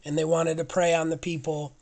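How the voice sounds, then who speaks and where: Male podcast co-host, excitable, rambles, casual delivery. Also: on the high side, fairly quick.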